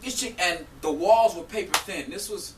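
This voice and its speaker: A man's voice: high voice, normal speed. Guy ranting about getting scammed, aave, playing both sides of the fight, roomy echo, mic kinda far, faint room hum. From South Florida. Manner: animated, profane, acts out both sides of an argument. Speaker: vlogger telling a story. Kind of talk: heated storytelling rant.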